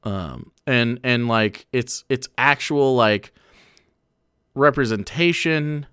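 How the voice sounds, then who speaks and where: Rambling smooth-voiced man streamer. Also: mid-range voice, slow pace, a bit bright, no room sound, studio quality. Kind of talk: casual reaction commentary.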